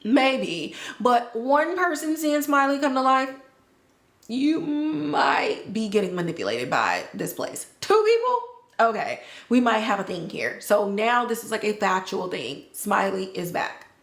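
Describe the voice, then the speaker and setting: A woman's voice: fairly high pitch, very animated, measured pace, a bit bright. A woman hosting a podcast, recapping a TV episode in casual slangy chat and acting out the characters' lines. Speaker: podcast host. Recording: roomy echo.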